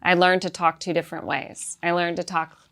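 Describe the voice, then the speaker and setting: A woman comedian with a light Southern accent, chatting casually and telling animated stories. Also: lowish voice, a little fast. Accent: light Southern American, fading in and out. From American South. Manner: chatty, animated storyteller, laughs often. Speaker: comedian guest. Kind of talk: casual chat.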